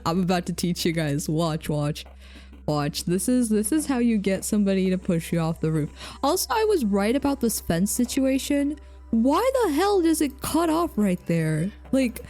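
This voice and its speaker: Unhurried, mellow-voiced woman streamer. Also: medium pitch, animated, faint music behind. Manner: playful, laughs often, talks to viewers. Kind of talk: casual game commentary.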